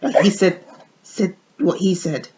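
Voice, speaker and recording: A woman's voice: lowish voice, expressive, measured pace, warm tone. Chatty woman cooing over baby dolls. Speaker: doll channel vlogger. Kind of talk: casual toy unboxing demo. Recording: dull lo-fi sound with faint noise.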